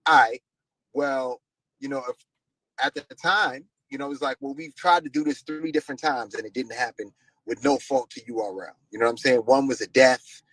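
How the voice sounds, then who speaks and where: A man's voice: mid-range voice, fairly even intonation, normal speed, fairly bright tone, breathy edge, no echo, low-quality recording. A man speaking as a guest in a casual interview, explaining at length with many fillers and restarts.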